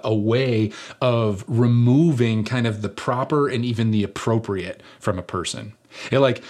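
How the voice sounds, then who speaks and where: A middle-aged man with a medium-pitched voice preaches a sermon, telling a personal story. He speaks in a conversational, animated way and poses rhetorical questions.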